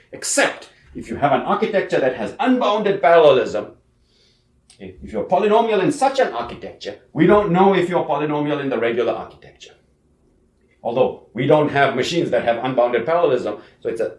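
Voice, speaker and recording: Male lecturer, chatty classroom delivery, animated pitch, echoey lecture hall. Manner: conversational, frequent "okay" and "you know", emphatic. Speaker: university lecturer. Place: lecture room.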